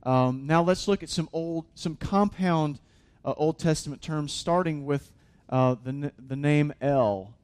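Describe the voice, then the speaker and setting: A man's voice: on the high side, unhurried, a little mellow, clean tone. A man, a pastor, preaching a sermon in an earnest, conversational way.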